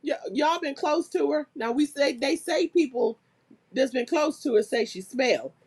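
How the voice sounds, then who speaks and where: A woman's voice: sits high, normal speed. Laughing woman reading chat aloud. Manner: laughs constantly, reads comments aloud, animated. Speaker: host reading out chat comments. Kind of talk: casual live-stream chat.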